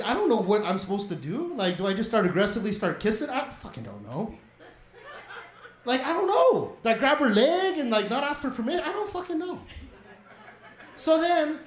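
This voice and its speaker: High-voiced man telling a stand-up story. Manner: rambling, profane, self-mocking storytelling. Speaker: stand-up comedian. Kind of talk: stand-up set. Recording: echoey comedy club stage.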